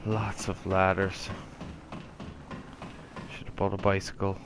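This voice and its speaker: A man streaming a video game, musing to viewers in relaxed, casual commentary. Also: sits low, takes it slowly, background noise. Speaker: gameplay streamer.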